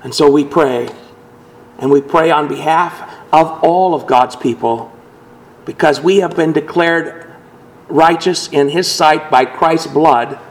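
A man's voice: fairly high pitch, slow, low-quality recording. A male pastor delivering an earnest sermon, voicing scripture quotations with dramatic emphasis.

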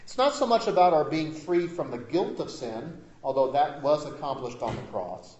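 A man preaching a sermon as pastor. He is emphatic, rising to loud declarations and dropping to quiet asides. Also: on the high side, lively intonation, moderate pace, echoey room, dull audio, a little hiss or hum.

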